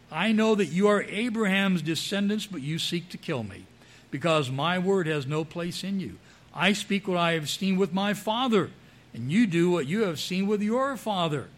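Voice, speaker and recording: A male preacher working through a passage of scripture in a sermon. His voice sits a little high for a man. He reads each verse aloud and then stops to explain it. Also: a bit bright.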